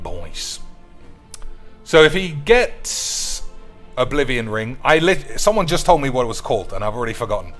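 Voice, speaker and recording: A man's voice: mid-range voice, sing-song, normal speed, fairly bright tone, faint music behind. A man giving teasing, drawling commentary on his gameplay stream. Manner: drawling, teasing, addresses viewers as boys and lads.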